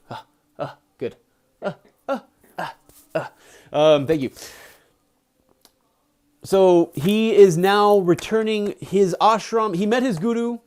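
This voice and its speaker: A man's voice: medium pitch, a little mellow, clean tone. A man reading a book aloud on a live stream, stopping to correct himself and to chat and laugh with viewers. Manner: reads with self-corrections, chatty and giggly with viewers.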